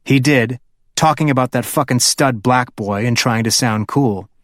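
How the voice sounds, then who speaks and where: Guy reading an audiobook, steady low-key delivery, dry close mic, mid voice. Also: moderate pace, no echo. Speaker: audiobook narrator. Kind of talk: scripted audiobook narration.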